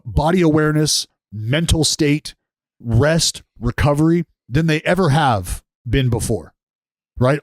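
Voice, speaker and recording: A man's voice: mid-range voice, a little mellow, dry recording, clean studio sound. A man in his thirties talking on a casual podcast, blunt and profane, telling stories with heavy emphasis. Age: 30s.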